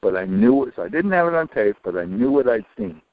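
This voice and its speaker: Older man with a lively, low voice. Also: quick pace, dry recording. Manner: rambling, with many restarts and low muttered asides. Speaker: interviewee. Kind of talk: casual storytelling. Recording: dull lo-fi recording.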